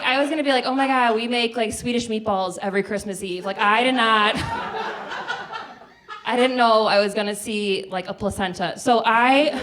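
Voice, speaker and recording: A woman in her forties from the Midwest, telling a comic personal story on a small theater stage, chatty and full of "like". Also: fairly high pitch. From American Midwest. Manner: chatty, lots of "like", acts out quoted voices. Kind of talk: live comedic storytelling.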